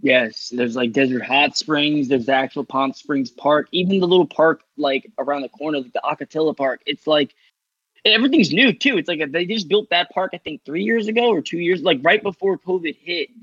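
A man from Long Island talks as a podcast guest with a slightly high, husky voice. His speech is loose and rambling, packed with filler and casual swearing. The sound is dry and a bit muffled. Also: normal speed, fairly bright tone, dry recording. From Long Island, New York. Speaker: guest, artist.

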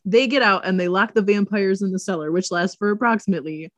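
A woman of middle pitch on a casual chat show, sarcastically recapping a movie and throwing in goofy voices for the characters. The sound is dry and close, with no room around her. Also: fast talker, no room sound. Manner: sarcastic, acts out quotes in silly voices. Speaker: podcast co-host.

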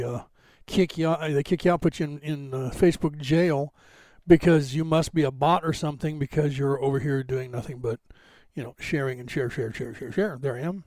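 On a live podcast stream, this US host talks casually, rambling with lots of fillers and restarts. His voice is slightly high and darkish, recorded dry through a camera resting on a box.

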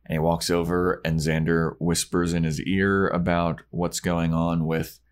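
A young man co-hosting a podcast, recapping scenes in a casual, animated way and acting out every character. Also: low-pitched, unhurried. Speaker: podcast co-host.

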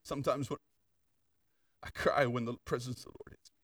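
A man's voice: mid-range voice, little pitch movement, quick pace, a bit bright, dry recording, clean studio sound, recorded from a distance. An older man preaching a sermon in a conversational storytelling way, full of asides and questions to the congregation. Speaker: pastor.

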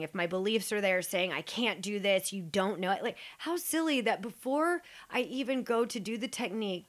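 A woman's voice: medium pitch, a bit bright. A woman talking reflectively and earnestly about her own inner life. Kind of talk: reflective personal talk.

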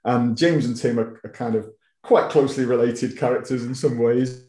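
Wigan-accented male author for a relaxed interview; mellow, chatty, self-mocking, recorded in an echoey room. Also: medium pitch, moderate pace. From Wigan, England. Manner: chatty, self-deprecating, frequent stammered restarts. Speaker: author guest. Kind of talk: casual interview chat.

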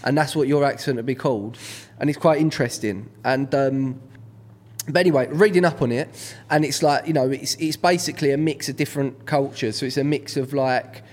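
A man's voice: mid-range voice, fairly quick, a little mellow. A man, hosting a casual podcast chat, talking in a rambling way with lots of fillers and restarts. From England. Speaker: podcast host.

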